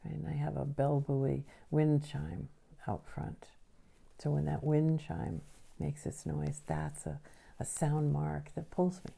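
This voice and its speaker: Low gravelly lady teaching a class, explains things and keeps asking right?. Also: little pitch movement, slow pace, dark tone. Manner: explanatory, often checks in with a tag question. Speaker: nervous system educator. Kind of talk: teaching a recorded lesson.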